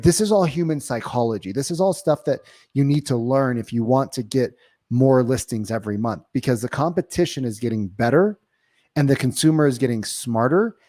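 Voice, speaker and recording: A man coaching real estate agents in an emphatic, direct way. His voice sits at a medium pitch, and he keeps checking in with the listener. The recording is dry and close, with no room sound. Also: a little mellow, no room sound. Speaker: real estate sales trainer. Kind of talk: coaching monologue.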